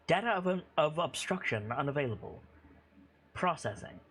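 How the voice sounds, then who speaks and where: A man's voice: on the high side, lively intonation, moderate pace, fairly bright tone, breathy edge, full character voice. A man voicing a facility's computer custodian, who gives clipped, machine-like status reports. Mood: robotic.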